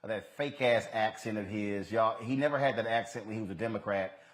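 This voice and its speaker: A male news host talking straight to his audience. He speaks bluntly and with scorn, jumping up in pitch when he gets worked up. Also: fairly quick. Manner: blunt, scornful, animated asides to viewers. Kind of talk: live news commentary.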